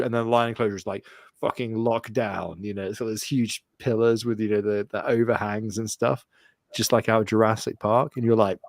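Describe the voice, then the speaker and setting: A man co-hosting a podcast, telling a lively story in casual chat, full of swearing and mimicked voices. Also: mid-range voice, fast talker, dry recording, clean studio sound. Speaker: podcast co-host.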